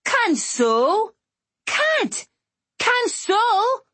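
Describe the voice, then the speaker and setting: A woman voicing an excitable, loud little girl who shouts her greetings and whines when told no. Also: very high-pitched, extremely slow, no room sound, pitched above the performer's own voice, heavily acted. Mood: excited. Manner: shouty, whiny when refused.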